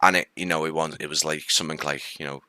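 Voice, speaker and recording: Speaking fast in a very deep, pushed and bright voice with fairly even intonation, a light-accented Liverpudlian runs a relaxed live stream. He rambles with plenty of fillers, says hello to viewers and responds warmly to their comments. There's no room sound.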